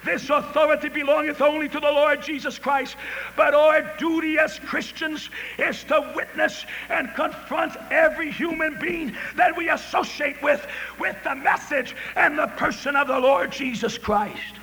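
A very high, bright male voice, preaching with fervor. He rises to ringing shouts and drops to quiet storytelling. The sound rolls through a long hall reverb with a faint hiss behind it. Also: fairly even intonation, normal speed, creaky. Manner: impassioned, swings from shouts to hushed storytelling. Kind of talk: revival sermon.

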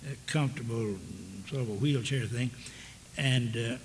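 An older man preaching a storytelling sermon in a folksy, halting way, full of restarts. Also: medium pitch, steady tone. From American South. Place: large church hall with audience. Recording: long reverb of a big hall, faint background noise.

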